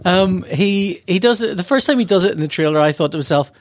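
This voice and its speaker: A man co-hosting a casual film chat, animated and playful, often cutting in. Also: high-pitched, quick pace, no echo. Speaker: podcast co-host.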